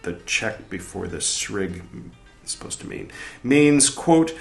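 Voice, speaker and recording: Slow, careful man reading aloud. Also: sits low, steady tone, creaky, pushed and bright, soft background music. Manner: slow, careful reading with wry muttered asides. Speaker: podcast reader. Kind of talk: reading a book aloud with asides. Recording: roomy echo.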